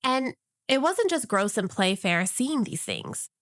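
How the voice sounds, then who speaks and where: A woman's voice: fairly high pitch, sing-song, a little slow, fairly bright tone, no room sound, clean studio sound. A woman co-hosting a podcast, telling a story in a casual, wry and jokey way. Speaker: podcast co-host.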